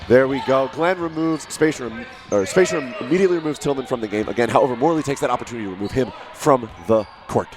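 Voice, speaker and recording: A man giving live play-by-play commentary, rising to shouts at big plays. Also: mid-range voice, fast talker, few pauses. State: out of breath.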